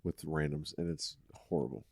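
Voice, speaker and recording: A man's voice: very deep voice, flat delivery, moderate pace, gravelly, darkish tone, dry recording, studio quality. A young man co-hosting a casual gaming podcast, giving blunt, emphatic opinions. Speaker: podcast co-host.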